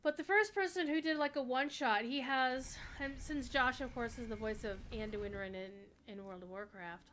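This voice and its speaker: Bright-voiced woman chatting while gaming. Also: a little high, moderate pace, a little hiss or hum. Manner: chatty, rambling, with sudden excited outbursts. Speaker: livestreaming gamer. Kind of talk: casual chat while playing a game.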